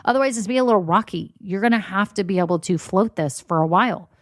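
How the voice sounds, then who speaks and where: A woman's voice: medium pitch, fast talker, no echo, clean studio sound. A woman hosting a solo business podcast, talking candidly and encouragingly to listeners, often saying y'all and voicing their worries. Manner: says y'all. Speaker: podcast host and business coach.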